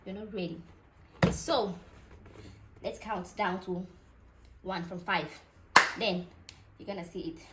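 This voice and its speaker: A woman hosting an unboxing vlog, talking in excitable, gushing exclamations. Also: mid-range voice, takes it slowly, pauses often, heavy background noise. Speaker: vlogger.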